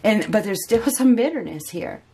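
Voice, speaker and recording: A woman's voice: mid-range voice, expressive, moderate pace, warm tone, slightly rough. A woman giving a casual spoken tarot reading, chatty and repeating phrases for emphasis. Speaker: tarot reader.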